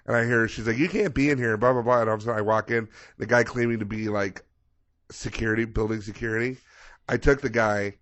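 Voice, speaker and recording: A man co-hosting a podcast, telling a long story casually and animatedly, acting out the people in it with plenty of swearing. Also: fairly low pitch. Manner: animated storyteller, acts out quoted people, profane. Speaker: podcast co-host.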